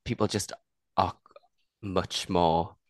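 A man's voice: low-pitched, steady tone, slow, dry recording. A man co-hosting a podcast, telling stories in casual chat and laughing often. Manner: chatty storytelling, laughs often. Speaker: podcast co-host.

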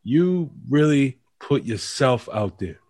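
A man hosting a casual radio interview, talking in animated, preachy rants that build emphasis. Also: medium pitch, takes it slowly. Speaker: radio show host.

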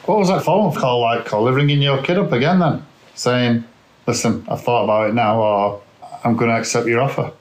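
A man's voice: mid-range voice, a little fast. A man co-hosting a podcast, asking curious, probing questions in casual talk. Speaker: podcast co-host. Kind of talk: casual interview.

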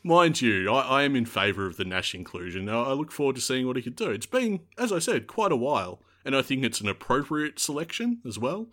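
An Australian man chats about footy with a co-host in loose, jokey banter. His voice swings widely in pitch, and he laughs through many of his lines. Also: a little fast, hardly any pauses. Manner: jokey, laughs often, animated. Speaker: podcast co-host. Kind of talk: casual sports chat.

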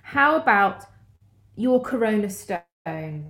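A woman's voice: mid-range voice, expressive, slow pace, gravelly, a bit bright. A playful, chatty woman in casual conversation. Her voice has a roomy echo around it. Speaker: podcast co-host. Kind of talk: casual chat.

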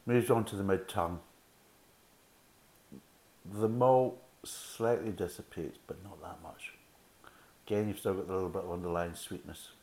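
A man's voice: sits low, a little mellow. A middle-aged man giving a casual, rambling beer review with chatty asides. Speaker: beer reviewer, podcast host. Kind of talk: casual tasting review and chat.

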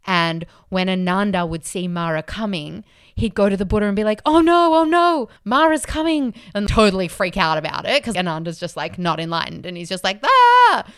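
Young woman podcast cohost, animated storyteller, smooth voice, dry mic. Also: fairly low pitch, brisk, no room sound. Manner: animated storyteller, acts out quotes in playful voices. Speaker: podcast co-host. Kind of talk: casual chat.

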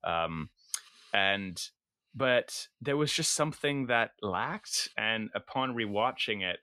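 A man co-hosts a relaxed podcast, rambling and restarting his thoughts in casual chat, with crude asides. His voice is bright and tense at a mid pitch, and the recording is dry and close. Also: slow pace, no room sound. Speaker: podcast co-host.

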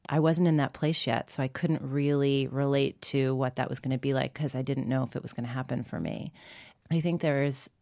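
A woman in her forties interviewing a guest in a thoughtful, measured way. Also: extremely low pitch, fairly even intonation, warm tone, dry recording, clean studio sound. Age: 40s. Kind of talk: conversational interview.

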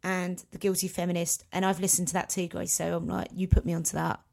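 A woman's voice: lowish voice, little pitch movement, fast talker, gravelly, darkish tone. A woman co-hosting a podcast in casual chat, rambling and self-mocking. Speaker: podcast co-host.

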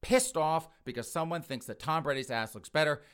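A man's voice: on the high side, brisk, clean tone. A man telling a comedic story in a brash way, often turning to his listeners as folks.

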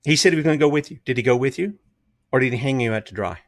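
A man's voice: mid-range voice, racing. A man hosting a casual political commentary show, talking emphatically and firing off rhetorical questions.

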